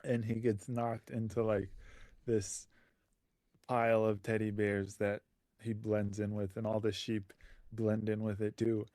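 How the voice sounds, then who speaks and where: A man's voice: lowish voice, little pitch movement, a little slow, warm tone, no room sound. A man co-hosting a podcast who narrates an improvised story in an easygoing way. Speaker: podcast co-host.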